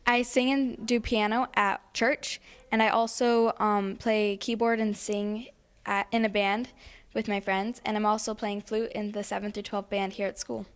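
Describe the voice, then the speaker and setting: A woman's voice: mid-range voice, little pitch movement, moderate pace, clear, resonant tone. A teenage girl answering interview questions about herself in earnest, plain answers. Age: teens. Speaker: student interviewee.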